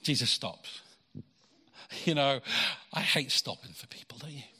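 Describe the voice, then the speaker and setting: A man's voice: mid-range voice, expressive, a little slow, sharp tone, slightly rough. A pastor preaching a conversational sermon, acting out quoted lines and repeating words as he goes. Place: church hall. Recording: long hall reverb.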